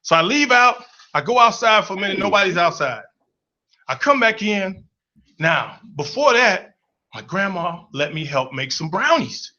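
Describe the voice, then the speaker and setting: High bright guy telling funny stories, playful, animated, kinda muffled lo-fi audio. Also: moderate pace. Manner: animated, playful, acts out voices in his stories. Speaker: storyteller. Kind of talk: comic personal storytelling.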